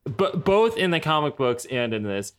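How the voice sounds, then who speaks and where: Lively joking man chatting. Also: fairly high pitch, moderate pace. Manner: lively and joking, swears casually. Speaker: podcast co-host. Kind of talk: casual chat recapping a cartoon.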